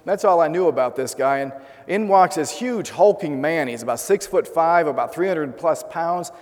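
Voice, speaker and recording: A man with a slightly high voice delivers an earnest sermon, weaving a personal story into rhetorical questions for his congregation. His words carry the long reverb of a large church hall. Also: lively intonation, moderate pace, darkish tone. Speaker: pastor.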